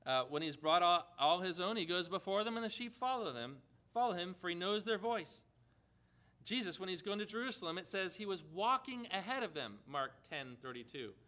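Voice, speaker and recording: Male preacher, high and bright, emphatic sermon delivery with questions to the congregation. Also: lively intonation, moderate pace.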